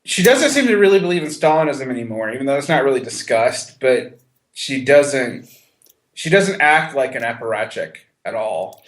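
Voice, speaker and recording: A man's voice: medium pitch, very animated, moderate pace, reverberant. A man co-hosting a podcast, chatting casually about a film with many restarts and some laughter. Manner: conversational, with frequent restarts and a little laughter. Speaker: podcast co-host.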